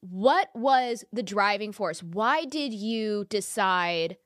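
A woman's voice: mid-range voice, animated, slow pace, fairly bright tone, no echo, clean studio sound. A woman hosting a podcast interview, speaking emphatically and repeating phrases for stress. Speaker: podcast host. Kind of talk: conversational interview.

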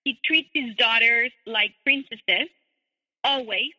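A woman's voice: a little high, slow, pushed and bright. A woman guest telling her personal story, hesitant with many fillers. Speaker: interview guest. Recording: tinny phone line with long reverb.

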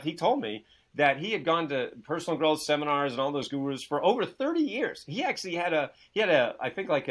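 A forceful, bright-sounding man speaks over a video call as an author and coach. He talks with restless energy, filling his sentences with "you know" and slipping into quick impressions of the people in his stories. His voice sits a little high for a man. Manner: energetic storyteller who acts out quoted dialogue; many fillers, "you know". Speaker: author and success coach, guest. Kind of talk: animated interview talk.

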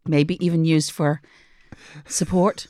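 A woman's voice: low voice, steady tone, slow, mellow, no echo, studio quality. A woman co-hosting a casual chat, dropping wry, teasing quips.

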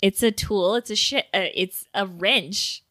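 A woman's voice: medium pitch, unhurried, pushed and bright, no echo, clean studio sound. A woman co-hosting a podcast with her sisters, teasing and playful in casual chat. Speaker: podcast co-host.

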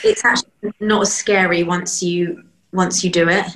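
A woman's voice: on the low side, normal speed, fairly bright tone, roomy sound, rough recording. A woman guest on a podcast, speaking in a reflective, open way and often searching for her words. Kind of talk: casual podcast conversation.

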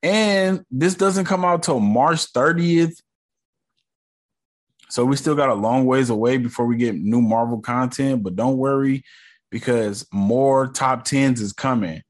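Man, american, podcast host, slangy, rambling, relaxed solo review chat. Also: medium pitch, a little slow. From United States. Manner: laid-back, slangy, rambling with fillers.

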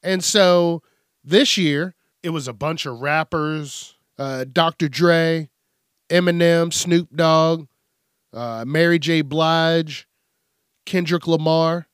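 A man's voice: a little high, slow, a bit bright, dry recording, studio quality. A man hosting an angry, profane news commentary rant.

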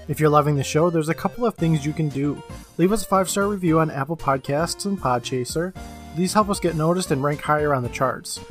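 A man's voice: fairly high pitch, faint music behind. A man co-hosting a podcast, reading upbeat announcements and recapping a TV episode in a loose, chatty way. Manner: upbeat, rapid scripted announcements, then a loose plot recap. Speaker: podcast co-host.

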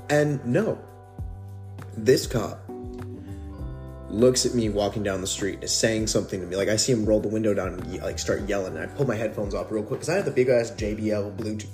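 A man's voice: lowish voice, darkish tone. A man telling a personal story in a casual, rambling, profane way, as podcast host.

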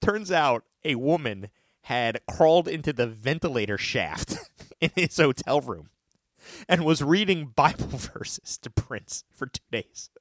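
A man hosting a trivia podcast in casual chat, telling funny stories and reading questions slowly. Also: medium pitch, no echo. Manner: animated storyteller, joking, reads questions slowly. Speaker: trivia quiz host.

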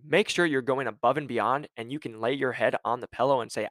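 A man's voice: mid-range voice, brisk, fairly bright tone, no echo. Blunt, ranting male sales coach. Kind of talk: motivational talk.

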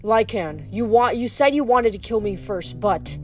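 A woman voicing a steady teenage boy demigod who gives firm, commanding orders. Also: mid-range voice, moderate pace, soft background music, close to an everyday voice.

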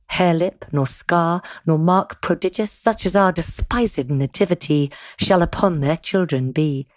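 A woman's voice: deep voice, darkish tone, no echo. Oberon, a woman reading the solemn fairy king. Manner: measured, rhythmic incantation. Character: Oberon, stately male fairy king blessing. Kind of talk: verse recitation.

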